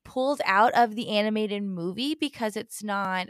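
A woman's voice: mid-range voice, moderate pace, no room sound, clean studio sound. A woman hosting a casual interview, reacting with encouraging little "aw"s and questions. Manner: warm, encouraging reactions, many "aw"s. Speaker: podcast host.

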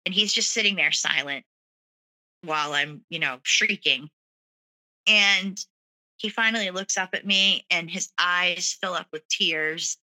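A guest with a fairly low pitch tells her own story candidly and earnestly at a measured pace, saying "you know" and "like" a lot. Her tone comes across bright and forceful, and the recording is low quality.

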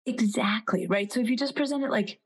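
A woman's voice: fairly high pitch, fairly quick, breathy edge, poor audio. A woman in her forties, a psychologist and author, talking as a guest in a podcast interview and animatedly telling stories, acting out the voices of the people she quotes.

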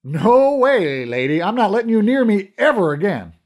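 Brief: man playing a loud, high, indignant cop, panicky, lively delivery. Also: normal speed. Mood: defiant.

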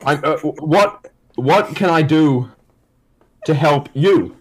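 A man voicing a bored male call-center worker who speaks in a flat, drawn-out way. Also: fairly high pitch, breathy edge. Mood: deadpan.

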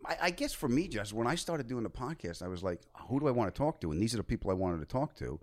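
A man as a podcast guest, telling stories in casual chat with loud excited bursts. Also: mid-range voice, quick pace.

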